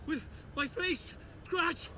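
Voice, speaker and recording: A shaken middle-aged writer, breathless, stammering, high tense voice, loud background noise. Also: male voice, slow. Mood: panicked.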